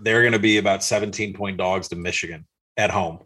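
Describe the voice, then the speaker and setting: A man's voice: deep voice, fairly even intonation, brisk, bright, forceful tone. A man co-hosting a sports betting podcast, bluntly running through stats in casual chat. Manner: dry, stat-heavy, blunt. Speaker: podcast co-host.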